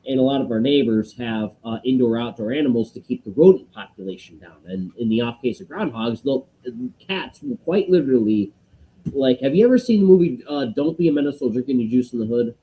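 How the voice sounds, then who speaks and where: A man's voice: medium pitch, lively intonation, brisk, phone-quality sound. A man co-hosting a podcast in casual chat, telling rambling stories, swearing and acting out voices. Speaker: podcast co-host.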